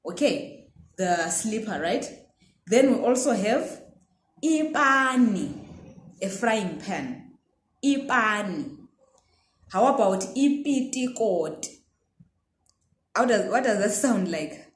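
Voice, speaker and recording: This pronunciation lesson comes from a Zimbabwean language teacher with a mid-range, slightly mellow voice. She's animated but slow, pauses often, and patiently checks in with listeners, all in an echoey room.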